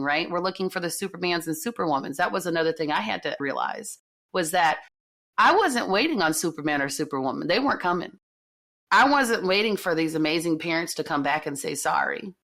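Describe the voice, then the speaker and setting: A woman's voice: fairly low pitch, lively intonation, brisk, a bit bright. A woman telling a personal story on a podcast, in an earnest, emphatic way with repeated phrases.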